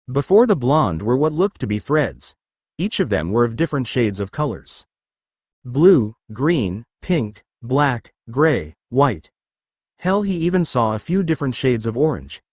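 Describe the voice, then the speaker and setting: Man reading fan fiction out loud, expressive, lively pitch, dry close mic. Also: measured pace, no echo. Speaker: narrator.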